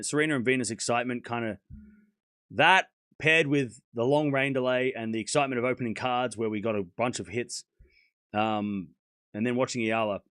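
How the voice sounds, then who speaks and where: A man with a sore throat hosting a tennis livestream, chatting casually to his viewers in a blunt, animated way and scolding them when they get rude. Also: medium pitch, no echo, studio quality.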